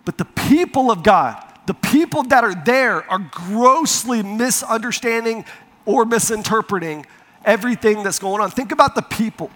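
A male pastor with a fairly high voice preaches to a congregation, acting out the voices in his story. His words ring out with the long echo of a large hall. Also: normal speed. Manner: animated storyteller, acts out quotes. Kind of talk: sermon with personal story. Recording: reverberant hall.

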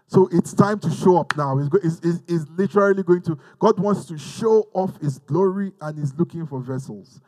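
A man's voice: high voice, a little fast, hardly any pauses, darkish tone, no room sound, low-quality recording. A man from Africa preaching a teaching sermon, fervent, repeating phrases and leading the listeners in call-and-response.

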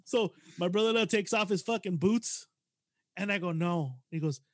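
A man's voice: high-pitched, normal speed, a bit bright, no echo, clean studio sound. A man hosting a podcast, telling a story in a casual chat with lots of swearing and animation.

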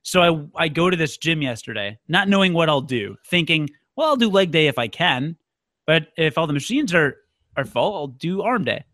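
A man hosting a podcast, his voice slightly higher than most and recorded close and dry. He tells rambling, self-deprecating stories in easy conversational chat. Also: animated, moderate pace, fairly bright tone, no room sound. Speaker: podcast host. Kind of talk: casual chat. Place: Chicago.

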